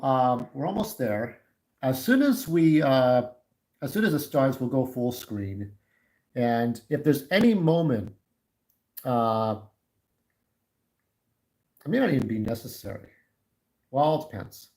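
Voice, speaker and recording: A man's voice: medium pitch, rough recording. Candid middle-aged man livestreaming. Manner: candid, opinionated, talks straight to viewers. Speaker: YouTube livestreamer. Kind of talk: casual livestream chat.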